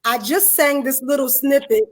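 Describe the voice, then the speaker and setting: A woman with a raspy voice, a guest on a live online talk show, talking with excited, faith-filled emphasis. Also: sits high, moderate pace.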